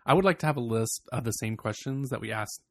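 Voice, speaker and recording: A man from Virginia co-hosting a podcast, giggly and gossipy, slipping into high mocking voices. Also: fast talker, dry recording, clean studio sound. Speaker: podcast co-host. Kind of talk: casual podcast chat.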